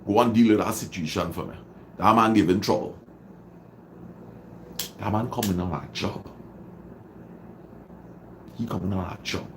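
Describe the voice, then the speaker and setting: A man's voice: fairly low pitch, moderate pace, long pauses, a little hiss or hum. A man with a Trinidadian accent hosting a motivational livestream, greeting viewers and repeating phrases dramatically for emphasis. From Trinidad and Tobago. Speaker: livestream host.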